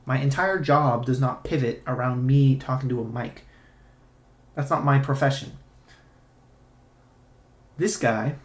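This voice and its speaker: Sarcastic ranting man, roomy sound. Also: medium pitch. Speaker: streamer. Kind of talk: casual live-stream commentary. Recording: roomy echo.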